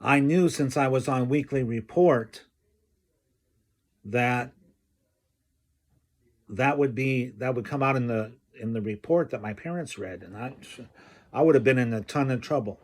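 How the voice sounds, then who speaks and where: A man telling a personal story from his school days, slow and halting, often clearing his throat. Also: medium pitch. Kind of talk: personal anecdote told slowly.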